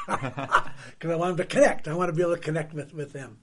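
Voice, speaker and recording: A man hosting a casual conversation, telling stories in a husky voice that trails off quietly at the ends of sentences. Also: a little high, quick pace, a little hiss or hum. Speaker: host.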